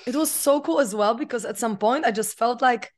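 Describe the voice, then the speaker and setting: A woman's voice: on the high side, fairly quick. A woman, a podcast guest telling a personal story in a chatty way, full of fillers. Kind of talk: casual interview storytelling.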